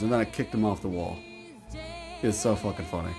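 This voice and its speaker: A young man casually telling a funny gaming anecdote, animated and swearing, laughing at his own story. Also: fairly low pitch, a little fast, soft background music.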